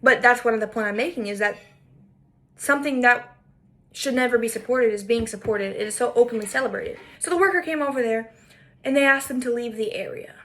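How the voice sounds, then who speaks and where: A woman with a high voice tells a story as a commentary monologue. She is emphatic and indignant. She repeats her points for weight. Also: a little fast, a bit bright. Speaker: podcaster.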